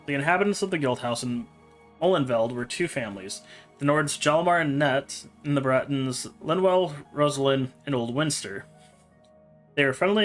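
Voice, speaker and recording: A man reading in-game books aloud on a stream, in an unhurried, plain way with small slips and fillers. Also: medium pitch. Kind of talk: casual read-aloud of a story.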